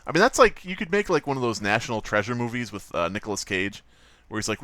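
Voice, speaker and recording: A man's voice: mid-range voice, big pitch swings, quick pace, sharp tone, no echo. A man casually commenting on his livestream while drawing, rambling, joking and swearing a lot. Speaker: streamer.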